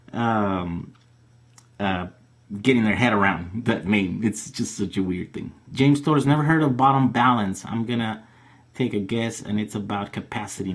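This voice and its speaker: A man with a somewhat low voice hosts a live question-and-answer stream. He talks loosely and casually, with lots of fillers and restarts as he works through viewer questions. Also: slightly rough.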